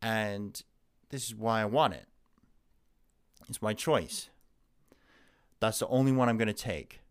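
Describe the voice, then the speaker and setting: A man's voice: fairly low pitch, a little slow, smooth. A young man ranting angrily in a profane, heated vlog. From Canada. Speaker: vlogger. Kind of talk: angry political rant.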